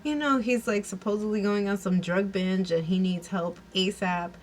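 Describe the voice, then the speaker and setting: A woman's voice: medium pitch, normal speed, a little hiss or hum, low-quality recording. A woman giving a casual recap and review of a TV episode, chatty and giggly, with lots of fillers and restarts.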